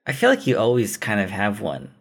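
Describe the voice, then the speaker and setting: Male podcast host, low, easygoing, amused chat. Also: brisk. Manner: relaxed, amused, often laughing along. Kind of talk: casual chat.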